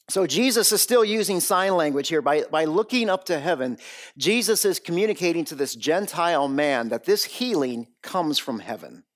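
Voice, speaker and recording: A man's voice: on the high side, fairly bright tone. A man preaching an expository sermon. He is emphatic, repeats his phrases for weight and keeps asking the listeners rhetorical questions.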